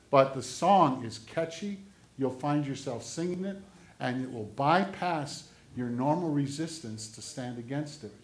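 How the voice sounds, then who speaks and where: A man preaching a sermon as pastor, swinging between loud, urgent exhortation and quiet, low asides. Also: echoey room.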